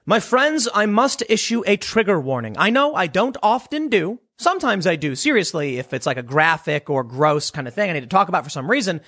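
A man hosting a political commentary show, talking quickly with a sarcastic, mocking manner. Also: high voice, sing-song, fairly bright tone, dry recording, studio quality.

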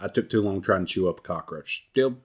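Male podcast storyteller, lively pitch, profane and animated. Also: fairly quick. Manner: animated, profane, jumps into high voices for quotes. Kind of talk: casual storytelling.

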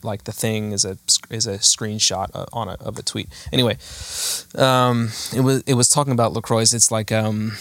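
A man's voice: on the low side, vocal fry, a bit bright, dry recording. A man in his thirties hosting a podcast, chatting casually in a rambling, self-mocking way full of fillers. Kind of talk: casual chat.

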